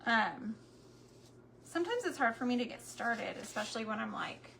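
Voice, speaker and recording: A woman's voice: fairly high pitch, lively intonation, normal speed, vocal fry, fairly bright tone. A woman chatting casually with her viewers while crafting, tender and a little sentimental, often speaking straight to them. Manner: talks directly to viewers.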